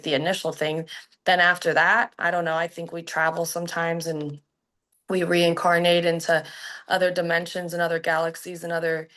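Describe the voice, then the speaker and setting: A woman talking as a podcast guest in a casual conversation, animated, with many fillers and acted-out quotes. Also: fairly low pitch.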